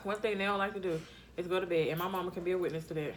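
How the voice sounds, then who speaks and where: A woman's voice: on the low side, fairly even intonation, very fast, a little hiss or hum. A middle-aged woman and mother, chatting casually at a home dinner table, teasing and mock-scolding in a laid-back way. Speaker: mother and vlog host. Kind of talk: casual family chat over dinner.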